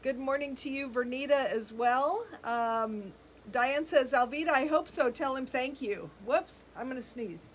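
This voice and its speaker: A woman's voice: high voice, unhurried, background noise. Chatty woman hosting live sale. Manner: chatty, greets viewers by name, frequent ums and laughs. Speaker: boutique live-sale host. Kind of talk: casual live-stream chat reading viewer comments.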